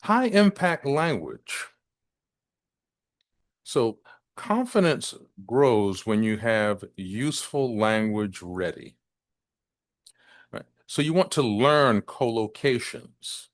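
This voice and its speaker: A man teaching business English, speaking deliberately and stressing key words to demonstrate intonation. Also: mid-range voice, sing-song. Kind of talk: presenting a business English lesson.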